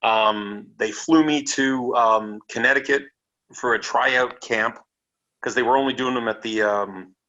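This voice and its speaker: A man from Canada, a wrestler guest on a podcast interview, telling stories in a casual, animated way, swearing freely and acting out what others said. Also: medium pitch, measured pace. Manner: animated, swearing, acts out quotes. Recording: dull lo-fi audio with faint noise.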